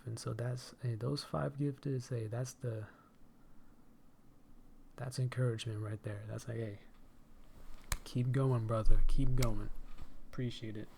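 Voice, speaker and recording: A man's voice: medium pitch, vocal fry, dark tone, a little hiss or hum. A man hosting a live stream and podcast in casual chat, effusive, often repeating "hey" and "my dude" and laughing between phrases.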